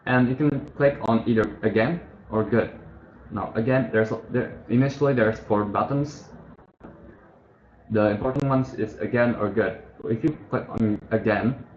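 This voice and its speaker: A man's voice: fairly low pitch, normal speed, darkish tone. A man casually walking through a study app on screen, thinking aloud and correcting himself as he goes. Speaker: tutorial host. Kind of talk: casual screen-share tutorial. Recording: muffled, echoey room with faint hiss.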